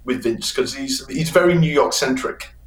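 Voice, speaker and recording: A man's voice: mid-range voice, moderate pace. A man from the United Kingdom with a British accent, hosting a casual YouTube interview in a chatty, self-deprecating way. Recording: roomy echo.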